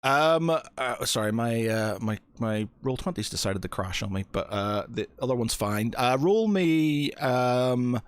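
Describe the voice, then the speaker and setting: A man's voice: medium pitch, animated, measured pace, few pauses, no room sound. A man narrating as game master of a tabletop game, hesitant and full of fillers.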